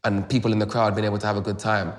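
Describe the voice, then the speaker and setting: A young man with a London accent rattles through a backstage story at high speed, dropping "boom, boom" as he goes. His voice sits low, and a long reverb trails behind it. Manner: rapid, animated retelling with sound effects like boom and da da. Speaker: grime MC, interview guest. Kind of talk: casual storytelling interview.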